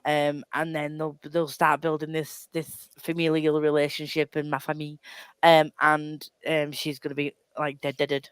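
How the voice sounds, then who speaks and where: Woman, casual book chatter, tangents and restarts, smooth voice, dry mic. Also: low voice, monotone, normal speed, no echo. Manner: rambling, self-deprecating, frequent laughs and restarts. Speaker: book club co-host.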